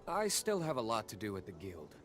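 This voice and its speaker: An actor voicing a calm, dutiful townsman in a video game, with an even, measured delivery. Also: on the low side. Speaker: game character. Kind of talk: game voice acting. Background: game music.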